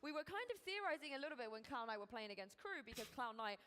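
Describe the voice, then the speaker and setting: A woman hosting a live esports desk broadcast, talking fast in a fairly high voice. She keeps the talk moving with upbeat questions to her guests. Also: very animated, fairly bright tone, smooth.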